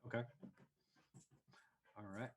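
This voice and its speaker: A man running a tabletop game as game master over a voice call, unhurried and easygoing. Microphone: online voice call.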